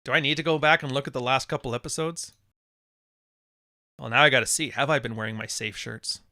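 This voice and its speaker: A man's voice: mid-range voice, steady tone, brisk, sharp tone, no room sound, clean studio sound. A man hosting a live podcast, reading chat messages and talking in a blunt, profane, wisecracking way. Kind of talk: casual livestream monologue.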